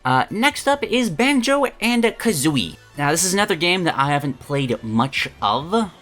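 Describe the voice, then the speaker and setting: A man co-hosting a casual game discussion, mostly nodding along and then steering to the next item. His voice is bright and lively, with a pitch that swings freely. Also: unhurried, faint music behind. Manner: brief agreeing replies, moves the show along. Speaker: podcast co-host.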